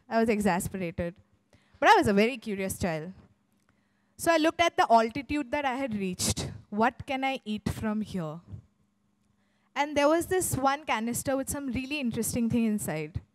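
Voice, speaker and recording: A woman telling a comic story on stage, animated, with dramatic pauses. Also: fairly high pitch, dry recording, poor audio.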